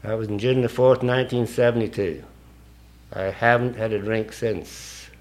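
An older man telling his story to a recovery meeting, blunt and profane and self-mocking, swinging from hushed recollection to loud laughter. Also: fairly low pitch, fairly even intonation, moderate pace. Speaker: speaker sharing at a recovery meeting. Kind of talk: storytelling speech to an audience.

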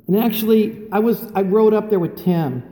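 A high-pitched yet mellow man shares his own story at a recovery meeting in a large hall. His voice rings back from the walls with a long tail. He talks in a loose, self-mocking way, full of fillers and asides. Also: normal speed. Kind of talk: personal testimony to a live audience. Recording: echoey hall with long reverb.

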